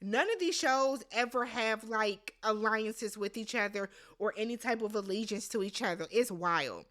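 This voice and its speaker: High bright woman, animated, blunt, swears a lot, recapping a show. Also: normal speed. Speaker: recap host. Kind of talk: casual TV recap commentary.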